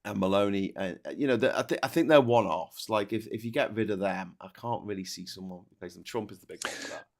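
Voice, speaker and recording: A man's voice: fairly low pitch, fast talker. A man hosting a casual political chat, talking hesitantly with stammered restarts and reading out viewer comments.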